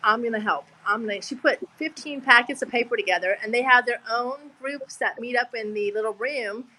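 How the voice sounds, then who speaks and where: A woman's voice: on the high side, normal speed, pushed and bright, low-quality recording. A woman, talking on a video call in a heartfelt, rambling way, full of restarts. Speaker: guest. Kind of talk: emotional casual chat.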